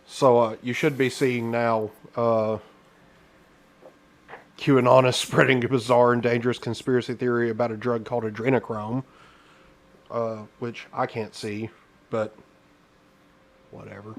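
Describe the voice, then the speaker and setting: A man's voice: mid-range voice, flat delivery, a little slow, pauses often. A man co-hosting a casual political chat show, rambling and sarcastic, often restarting his sentences. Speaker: podcast co-host.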